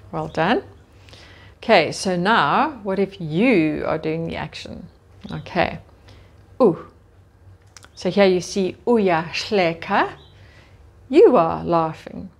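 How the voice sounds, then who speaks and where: A woman teacher leading a slow vocabulary drill, saying each word carefully and then giving its meaning. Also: on the low side, expressive, breathy edge. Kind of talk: slow, deliberate vocabulary lesson.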